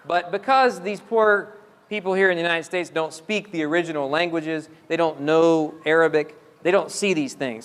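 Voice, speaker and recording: A man's voice: on the high side, a bit bright, clear, resonant tone. A man giving a religious lecture, explaining step by step and asking the audience questions. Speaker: Islamic lecturer. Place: mosque hall. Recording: long hall reverb.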